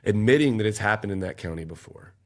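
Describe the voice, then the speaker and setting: A man's voice: lowish voice, expressive, fast. A man, telling an intense, emotional personal story as a podcast guest. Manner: intense, emotional storytelling, raising his voice at peaks.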